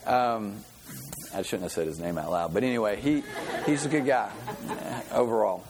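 A man gives a relaxed sermon in a church, talking like he's telling a story to friends. He repeats words and restarts his sentences often, with easy laughs. A faint murmur of the room sits behind his voice. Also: on the low side, moderate pace, background noise. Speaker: preacher. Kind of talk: conversational sermon with personal story.

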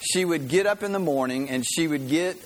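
A man's voice: a little high, moderate pace, poor audio. A man preaching a sermon, telling stories in a conversational way and often checking in with "right?". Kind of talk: sermon with a storytelling lesson.

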